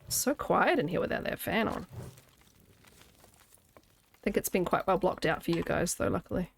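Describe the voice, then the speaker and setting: Her voice low, animated and fry-tinged, a thirtysomething New Zealander with a slight Scottish edge gives casual gaming commentary from home at a normal speed. She laughs a lot and responds to chat, with long pauses and slight background noise.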